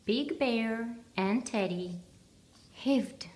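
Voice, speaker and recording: Woman reading a picture book aloud: very slow, expressive, higher voice. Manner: expressive, gently animated reading. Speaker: storybook reader.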